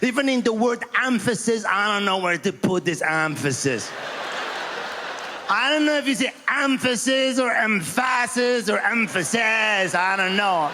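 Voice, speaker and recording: A man's voice: sits high, animated, a little slow, background noise, pitched above the performer's own voice. A man voicing a puzzled, easily flustered adult male language learner who keeps asking bewildered questions. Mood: confused. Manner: bewildered, questioning, rambling complaints.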